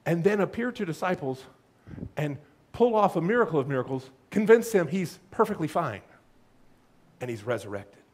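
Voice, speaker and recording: Animated, high-voiced male preacher. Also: normal speed, pauses often. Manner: animated, humorous preaching with acted-out asides. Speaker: pastor. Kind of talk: sermon.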